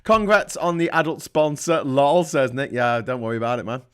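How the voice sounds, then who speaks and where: Clear and resonant, this mid-range voice is a bit bright and moves at a moderate pace, with a Scouse accent. The man hosts a casual livestream, reading viewer comments aloud and firing back blunt, rambling, sweary reactions.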